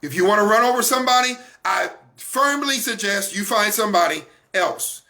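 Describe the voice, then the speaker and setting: A man giving an animated, preachy talk on a broadcast and acting out other people's words. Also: high-pitched, normal speed. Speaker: broadcast speaker.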